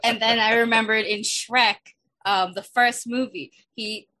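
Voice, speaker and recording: A woman's voice: a little high, fairly even intonation, measured pace, pushed and bright. A woman player in a tabletop game chatting casually and rambling through a funny picture. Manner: giggly, rambling storytelling. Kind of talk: casual chat.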